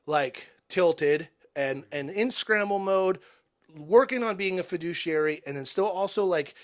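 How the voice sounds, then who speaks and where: A man in his forties, a podcast guest telling personal stories in an earnest, halting way, often restarting and dropping soft and quiet. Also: high voice. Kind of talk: reflective personal storytelling.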